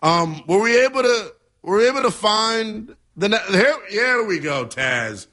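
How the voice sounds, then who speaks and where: A man's voice: high voice, normal speed, pushed and bright. A man hosting a sports talk radio show, joking and bantering with callers and his co-host.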